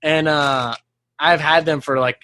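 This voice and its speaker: A man's voice: on the high side, steady tone, measured pace, sharp tone, no echo. A young man, a podcast guest, telling a story in casual chat, swearing a lot and laughing mid-sentence. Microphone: studio microphone.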